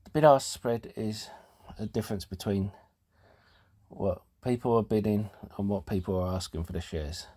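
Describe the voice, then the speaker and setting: A man hosting a casual talk show, explaining things in a halting way with fillers and restarts, and sounding out of breath. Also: on the low side, mellow. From United Kingdom. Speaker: host.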